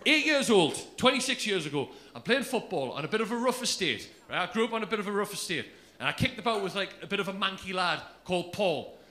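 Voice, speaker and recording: A man's voice: sits high, expressive, fast, sharp tone. A man, telling a crude story in brash stand-up style on a comedy club stage. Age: 30s.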